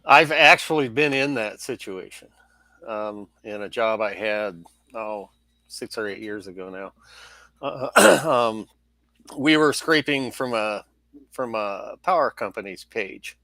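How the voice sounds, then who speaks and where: A man's voice: fairly low pitch, slow, bright, forceful tone, no room sound. A man co-hosting a tech podcast, chatting casually with a wry tone and frequent chuckles. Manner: wry, chuckles at his own remarks. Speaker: podcast co-host.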